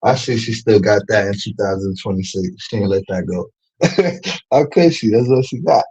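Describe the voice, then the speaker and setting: A man, ranting in casual livestream chat, slangy and animated, laughing often. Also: lowish voice, moderate pace, breathy edge, low-quality recording. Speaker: streamer.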